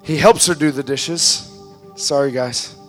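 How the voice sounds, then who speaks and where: A male pastor preaching a sermon in a church, calling out to the congregation and building up to shouts. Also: mid-range voice, unhurried, faint music behind.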